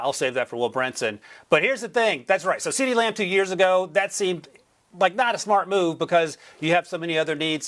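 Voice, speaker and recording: A man from North Carolina, a sports analyst guest, talking through draft picks in a quick, joking way on a studio mic. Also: fairly high pitch, a bit bright. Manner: quick, joking, chuckles while explaining.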